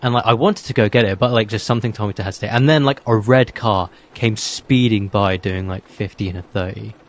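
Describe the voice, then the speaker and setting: Low-voiced young man saying "like" constantly. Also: a little fast, low-quality recording. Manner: fills speech with "like". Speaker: podcast co-host. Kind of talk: casual chat.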